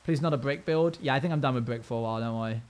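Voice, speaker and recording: A man with a mid-range, darkish voice talks at a racing pace. Streaming his gameplay live, he keeps up casual chat with viewers, reads their comments aloud, and hums and scats tunelessly during his building.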